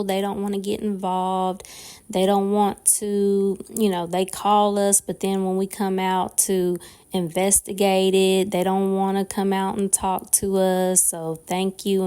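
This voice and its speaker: A woman, telling a casual storytime vlog in an animated, profane way with lots of fillers. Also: mid-range voice. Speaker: nail and craft vlogger.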